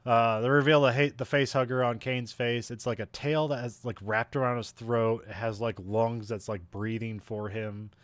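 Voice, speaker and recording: A man's voice: mid-range voice, steady tone, normal speed, hardly any pauses, dry recording. A man co-hosting a podcast, recapping a film in casual chat, laughing often and trailing off mid-sentence.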